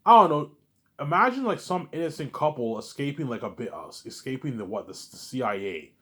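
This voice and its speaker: Excitable man rambling with lots of restarts. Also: medium pitch, fairly quick. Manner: excited, repeats words and restarts often; says "you know what I'm saying" a lot. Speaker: host of a listening series. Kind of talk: rambling casual monologue.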